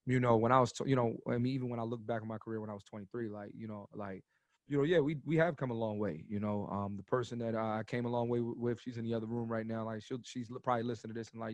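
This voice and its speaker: A man in his thirties, a comedian guest telling stories on a podcast in a casual, animated way, swearing freely and getting loud as he goes. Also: medium pitch, very fast, dry recording. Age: 30s.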